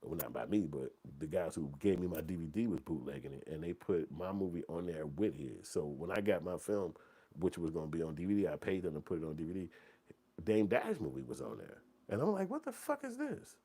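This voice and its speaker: A man from in his forties, talks in a loose, profanity-heavy ramble. His voice sits very low and has a soft, mellow tone. He runs his casual commentary as an animated street story. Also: brisk, breathy edge. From Chicago. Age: 40s. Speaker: movie channel host.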